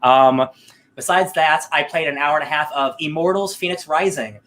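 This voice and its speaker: A man chatting casually on a podcast, his voice sitting a little on the high side. He rambles along upbeat, circling back with fillers and restarts as he talks. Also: normal speed, a bit bright. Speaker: podcast co-host.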